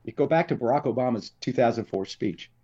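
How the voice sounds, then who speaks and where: A man's voice: mid-range voice, a little fast, highs cut off, over a noisy crowd. A man from Texas, a political commentator, talking as a podcast guest in an emphatic, joking storytelling manner. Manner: animated storyteller, emphatic and jokey. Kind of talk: podcast interview chat.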